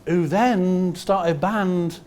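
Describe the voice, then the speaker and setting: A man in his sixties from Liverpool with a Liverpool accent, telling anecdotes in a lively way and acting out other people's voices with quick asides. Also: high-pitched, a little hiss or hum. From Liverpool, England. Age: 60s. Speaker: musician telling stories. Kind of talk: anecdotal storytelling.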